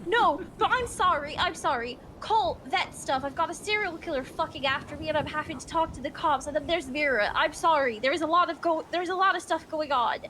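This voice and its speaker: A woman's voice: high voice, a little fast, hardly any pauses, sharp tone, a little hiss or hum, rough recording. A woman playing a scattered young woman in an online role-play, rambling, apologizing and swearing a lot. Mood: flustered.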